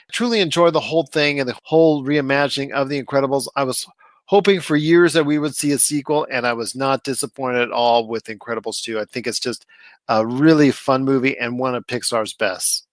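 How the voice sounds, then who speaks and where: A man's voice: medium pitch, no echo. A man co-hosting a movie podcast, talking eagerly about films in a mid-range voice. He sounds dry and close, with no room behind him. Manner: enthusiastic, emphatic, drawn-out phrasing. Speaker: podcast co-host. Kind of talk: casual movie review chat.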